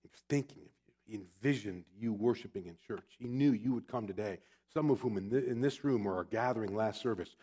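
A man preaching a sermon. He opens with a personal story told with frequent restarts, then builds to fervent, slowly stressed preaching. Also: on the low side, dark tone. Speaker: pastor. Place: church.

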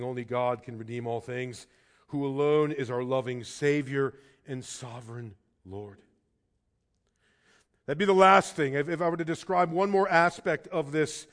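A pastor with a voice on the high side preaches earnestly, swinging between hushed lines and emphatic ones. He often repeats words as he starts a sentence.

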